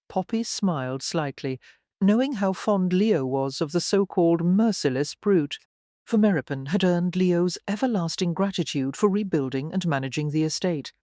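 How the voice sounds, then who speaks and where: An audiobook narrator reading a historical romance in an even storytelling delivery. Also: medium pitch, normal speed, dry recording, clean studio sound. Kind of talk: scripted narration.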